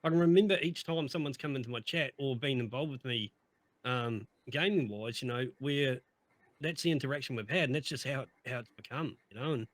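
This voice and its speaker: Man, mid-pitched voice, emphatic, repeats himself, swears a lot, upbeat casual chat. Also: fairly quick, no room sound. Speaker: streamer on podcast.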